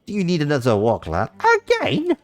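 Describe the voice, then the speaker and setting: A man voicing a haughty gentleman gambler in a game, pompous and mannered. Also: a little high, wildly swooping pitch, fairly quick, faint music behind, voice pushed up.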